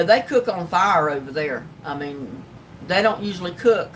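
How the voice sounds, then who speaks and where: On her livestream, an older Southern woman from North Carolina chats loosely and reads through viewer comments, wandering from thought to thought. Her folksy talk is full of ums and laughter. A faint rumble comes through the distant mic.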